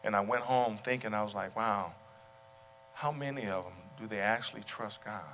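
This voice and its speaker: A male pastor preaching a sermon to his congregation, talking through stories and repeating his question, at times rising to loud exclamations. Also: fairly low pitch, moderate pace, slight background noise. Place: church sanctuary. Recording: long hall reverb.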